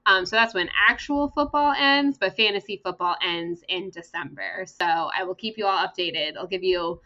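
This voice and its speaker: A woman's voice: lowish voice, moderate pace, pushed and bright, lo-fi sound. An American woman co-hosting a podcast in casual chat, rambling with lots of fillers and frequent laughter. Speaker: podcast co-host.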